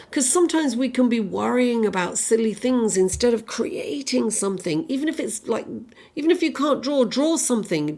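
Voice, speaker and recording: A woman's voice: mid-range voice, gravelly, a little mellow. A woman giving a casual tarot reading, rambling and chatty with lots of "you know" and "right?", a little under the weather with a cough, and with an accent that is not American. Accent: non-American. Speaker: tarot reader.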